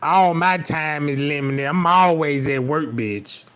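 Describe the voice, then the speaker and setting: A young man with a rather high, fairly bright, clean voice speaks at a measured pace. He tells a crude, rambling, profane comic story, laughing at his own jokes and repeatedly asking "you know what I'm talking about" to check that the listener follows.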